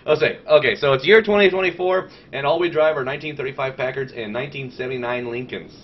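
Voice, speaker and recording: A man co-hosting a casual gaming podcast, rambling and animated, swearing often and stalling with fillers. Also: mid-range voice, quick pace. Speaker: podcast host. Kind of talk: casual chat. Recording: dull lo-fi sound with faint noise.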